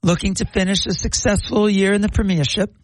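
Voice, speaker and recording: A man's voice: high-pitched, steady tone, fairly quick, no echo. A man hosting a sports podcast, chatting casually and reading out live match updates. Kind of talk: casual sports talk and commentary.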